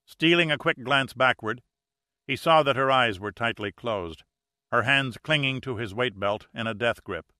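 A man giving steady, measured scripted narration of an adventure audiobook. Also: mid-range voice, dry recording, clean studio sound.

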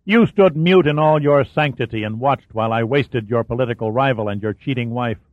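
A man's voice: medium pitch, lively intonation, moderate pace, dry recording, natural voice. A man reading an audiobook, voicing a cold, contemptuous male hired killer. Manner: contemptuous and sneering. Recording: dry, phone-like narrow sound.

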